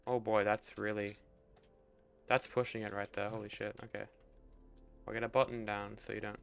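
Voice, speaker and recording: A young man streaming a building game, thinking aloud in a relaxed, mumbly way, trailing off and swearing casually. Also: lowish voice, normal speed, vocal fry, smooth, faint music behind.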